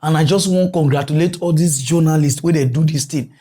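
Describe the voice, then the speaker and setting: Nigerian male comedy host, high voice, animated and mocking in Pidgin-accented English. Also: a little fast, breathy edge. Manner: animated, mocking, switches pitch a lot. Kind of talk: comic commentary in Nigerian Pidgin.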